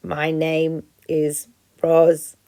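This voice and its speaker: A stiff female robot speaks in slow, careful, overly formal sentences, as a woman reading a storybook puts her on. Her voice sits low with a faint gravelly edge, measured and even. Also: heavily acted.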